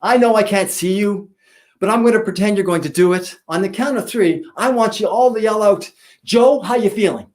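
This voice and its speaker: A school principal giving a speech, telling a story with dramatic pauses. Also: male voice, high-pitched.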